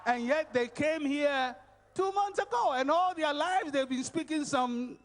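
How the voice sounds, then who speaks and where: Man preacher, raised voice, slow deliberate sermon, emphatic repeats. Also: extremely high pitch, a little hiss or hum. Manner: emphatic and repetitive, swinging from shouts to quiet. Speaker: conference preacher. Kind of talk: motivational sermon.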